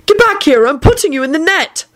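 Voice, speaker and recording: A woman voicing an excitable, clumsy young man who talks eagerly and often shouts in a high, boyish voice. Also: moderate pace. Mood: exasperated.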